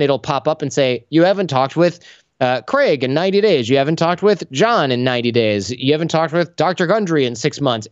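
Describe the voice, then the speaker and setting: A man being interviewed on a podcast, an animated storyteller who acts out the voices in his anecdotes. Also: mid-range voice, no room sound, highs cut off. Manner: animated storyteller acting out dialogue. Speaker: podcast guest. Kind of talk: conversational interview.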